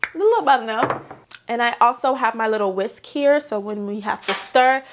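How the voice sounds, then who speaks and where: A young woman chatting excitedly as she narrates a cooking attempt in her home kitchen. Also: on the high side, a little fast, background noise. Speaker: vlogger. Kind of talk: casual kitchen vlog.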